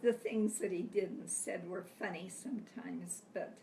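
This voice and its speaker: An older grandmother reminisces in a gentle, reflective way, her voice gravelly and on the edge of tears. She sounds distant from the mic in an echoey home room with a faint hiss behind her. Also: lowish voice, steady tone, unhurried. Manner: gentle, reflective storytelling with frequent soft laughs. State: close to tears. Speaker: grandmother interviewed by family. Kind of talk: personal storytelling.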